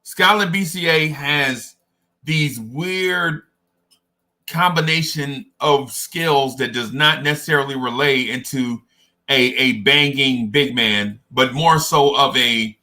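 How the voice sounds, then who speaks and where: Bright-voiced animated male podcast host. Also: medium pitch, slow. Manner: animated, digressive storytelling. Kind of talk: casual sports talk.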